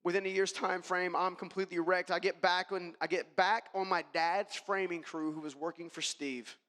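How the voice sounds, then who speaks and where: High-voiced man giving a keynote in a hall. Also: fairly even intonation, normal speed, pushed and bright. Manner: emphatic, addresses the audience directly. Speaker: keynote speaker. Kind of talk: motivational keynote storytelling. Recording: long reverb of a large hall.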